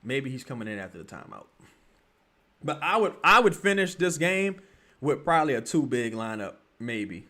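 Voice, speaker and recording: Animated man reacting to a game. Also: medium pitch, normal speed. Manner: profane, animated, swings from mutters to yelling. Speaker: streamer reacting to a live game. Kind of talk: casual live game reaction.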